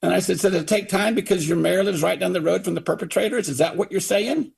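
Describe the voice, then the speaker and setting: Upset middle-aged father, gravelly voice, retells and mimics officials. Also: high voice, quick pace. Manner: indignant, quotes others in put-on voices. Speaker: father of a victim, radio guest. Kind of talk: angry retelling on talk radio.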